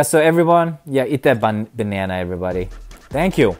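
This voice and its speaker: Young male streamer, excitable casual commentary, mid-pitched voice, faint game music underneath. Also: brisk. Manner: excitable, chatty, laughs often, swings from mumbling to loud cheering. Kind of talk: casual live gameplay commentary.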